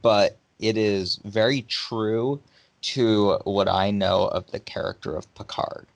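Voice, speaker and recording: A man's voice: fairly low pitch, fairly even intonation, slow pace, creaky. A man co-hosting a casual chat, talking in a hesitant way with fillers. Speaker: podcast co-host.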